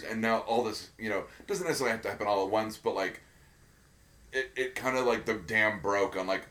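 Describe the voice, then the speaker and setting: A man's voice: on the low side, fairly even intonation, fairly quick, a bit bright. A man co-hosting a casual podcast chat, rambling with lots of fillers and restarts. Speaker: podcast co-host.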